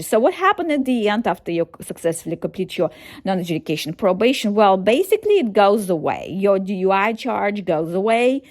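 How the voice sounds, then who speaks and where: Hesitant woman lawyer, many fillers. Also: lowish voice. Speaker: defense attorney. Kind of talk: informational video to camera.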